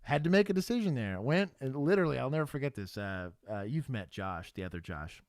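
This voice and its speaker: A former cop in his thirties co-hosts a casual livestream, telling stories bluntly and swearing as he goes. His voice sits at an ordinary pitch for a man. The sound is dry and close, with no room echo. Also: animated, brisk. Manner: blunt storytelling with profanity and frequent laughs. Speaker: livestream co-host, former police officer.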